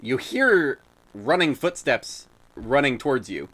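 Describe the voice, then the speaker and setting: A young man narrating as dungeon master in a loose, halting way, with many fillers and sounds he makes with his mouth. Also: medium pitch, very animated, fairly bright tone. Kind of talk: narrating a tabletop game.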